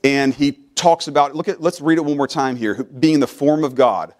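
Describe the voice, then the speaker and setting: Preacher building to a shout. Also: male voice, normal speed. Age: middle-aged. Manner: builds from quiet to loud preaching, rising in pitch as he presses. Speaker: pastor. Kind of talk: sermon. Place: church sanctuary.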